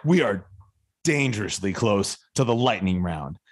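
A man's voice: fairly low pitch, lively intonation, a little slow, slightly rough. A man hosting a casual podcast chat. He swears freely and laughs often. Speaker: podcast host. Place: Nashville.

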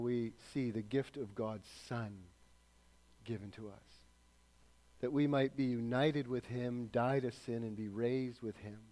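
A man preaching a sermon earnestly, often dropping soft at the ends of phrases. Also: mid-range voice. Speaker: pastor.

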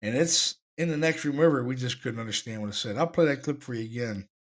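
An enthusiastic man hosts a paranormal podcast. His pitch sits mid-range for a man, and his delivery is lively and repetitive. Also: quick pace. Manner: excited, enthusiastic, repeats himself. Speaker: podcast host, paranormal investigator. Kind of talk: podcast talk about recordings.

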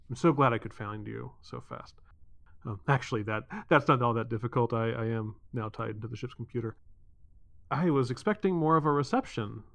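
A man's voice: medium pitch, gravelly, close to an everyday voice. A man voicing an eager, chatty male hologram journalist who stumbles over his restarts.

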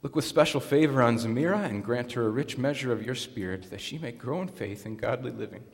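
A male pastor with a mid-pitched voice reads liturgy and scripture with solemn, measured care. His words ring out with the long reverb of a church sanctuary, giving every phrase a lingering tail. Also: gravelly, husky.

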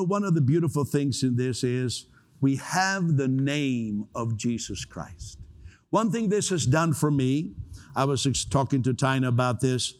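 A pastor preaching in a relaxed, conversational way, with joking asides, easing into prayer. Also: male voice, mid-range voice. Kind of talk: sermon.

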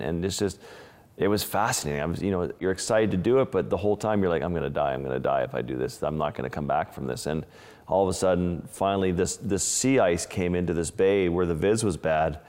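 A man's voice: sits low, darkish tone, in a large hall. A man, an underwater wildlife photographer, casually recounting close calls in an interview and often restarting his phrases. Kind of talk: interview storytelling.

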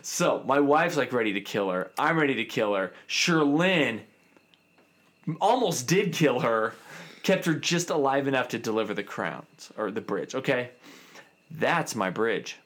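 Unhurried and at medium pitch, he's a dentist in his thirties spinning a casual, animated tale. Along the way he voices the other people in it.

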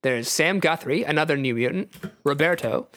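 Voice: mid-range voice, moderate pace, fairly bright tone, a little hiss or hum. A podcast host reading a kids' adventure book aloud for laughs, wry and often laughing. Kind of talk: casual comedy podcast chat.

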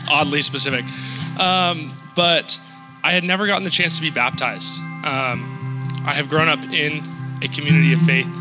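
A man shares his church testimony close to tears, his speech halting and full of fillers. His voice sits somewhat high, and loud plucked guitar plays right behind him throughout. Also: fairly even intonation, poor audio. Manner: emotional, halting, with many fillers. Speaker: church member giving testimony. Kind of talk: personal testimony. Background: loud guitar music.

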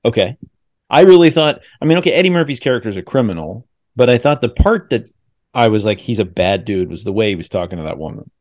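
Animated man hosting a chat. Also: medium pitch. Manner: animated, quick to tease. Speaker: podcast host. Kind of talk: casual chat.

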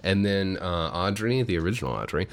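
Deep-voiced dude on a podcast, chill, lots of ums, recapping a movie. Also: male voice, expressive, fairly quick, vocal fry. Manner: laid-back, with many fillers and some swearing. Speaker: podcast co-host. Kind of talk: casual chat, retelling a movie plot.

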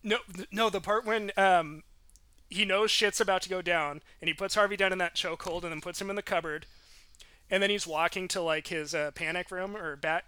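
A man's voice: high voice, steady tone, brisk, pushed and bright, clear, resonant tone, no room sound. A man co-hosting a casual podcast, chatting about movies, swearing casually and laughing often. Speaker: podcast co-host.

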